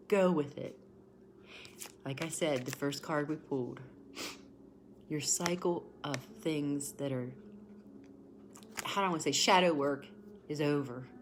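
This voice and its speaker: A low-pitched woman in her forties talks through a tarot reading on a livestream. She is emotional and repeats herself, and she breaks off to greet viewers by name. A faint hum of room ambience sits under her voice. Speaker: tarot reader.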